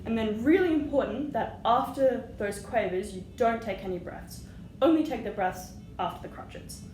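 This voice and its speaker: A woman's voice: on the high side, normal speed, loud music behind the voice. A woman teaching flute, patient and encouraging, singing rhythms aloud as she explains. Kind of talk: music lesson. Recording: echoey room with audible noise.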